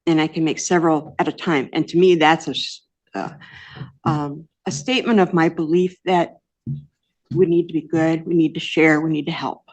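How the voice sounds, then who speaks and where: An older woman speaking as a defendant in court, earnest and rambling, with soft hesitations. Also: low-pitched, fairly even intonation, moderate pace. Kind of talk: courtroom testimony.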